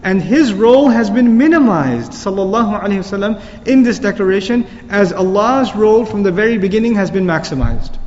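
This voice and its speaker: Man lecturing on the Quran, high voice, fast talker, dull lo-fi sound with long hall reverb. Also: a little mellow. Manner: explains Arabic words, recites verses in Arabic. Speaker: Quran teacher.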